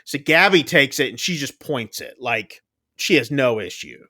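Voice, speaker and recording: A man casually retelling a film's plot on a podcast, chatty and loose, with quick asides. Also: medium pitch, animated, bright, forceful tone, no room sound, studio quality. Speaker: podcast co-host. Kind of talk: casual movie recap chat.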